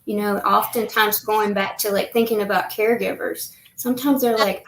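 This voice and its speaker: A woman's voice: mid-range voice, fairly even intonation, moderate pace, vocal fry, roomy sound, a little hiss or hum, low-quality recording. A woman hosting an online panel, affirming others and reflecting on caregivers' needs. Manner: affirming, many mm-hmms, reflective. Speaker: host. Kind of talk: panel discussion. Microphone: video call.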